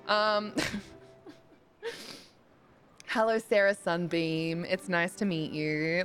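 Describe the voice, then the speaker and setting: A woman's voice: medium pitch, expressive, slow pace, pauses often, fairly bright tone, faint music behind. A young woman streaming a game live, chatting with viewers and thinking aloud, swearing casually and breaking into squeals. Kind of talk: casual live-stream chat while playing.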